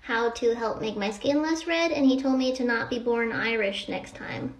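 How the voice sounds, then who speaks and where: High-voiced chatty young woman. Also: normal speed. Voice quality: high, small-sounding voice. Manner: chatty, rambling with many "like"s. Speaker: content creator. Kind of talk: casual talking-to-camera vlog.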